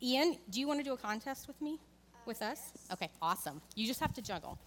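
A church speaker in her thirties talks fast in a slightly high, expressive voice, with a large-hall sound and a little hiss or hum in the recording. Her sermon in the church sanctuary is conversational, built around a candid family story, and she speaks directly to the congregation.

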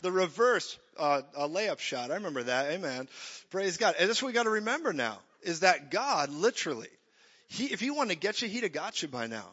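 A man preaching an energetic sermon, joking and acting out voices as he goes. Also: sits high, a little fast, breathy edge. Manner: animated, jokey, acts out voices. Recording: dull echoey hall.

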